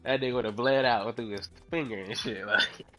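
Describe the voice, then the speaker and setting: A man streaming a fighting game, telling stories in a loud, profane, laughing way. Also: medium pitch, moderate pace, faint music behind. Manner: profane, laughing, animated storytelling. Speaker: gaming streamer. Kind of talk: casual commentary while playing.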